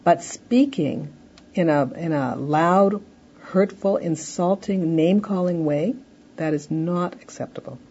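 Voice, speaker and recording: A woman lectures on parenting, explaining patiently and slipping into short acted examples. Her voice sits low and mellow with a husky edge. The recording sounds a little dull and lo-fi. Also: measured pace. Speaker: parenting educator. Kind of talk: instructional talk.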